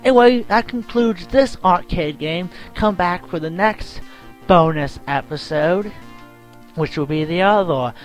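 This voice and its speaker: Excitable young man commenting on gameplay. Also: sits high, unhurried. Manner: excitable, self-mocking, yelps at the game. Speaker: let's play gamer. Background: game music.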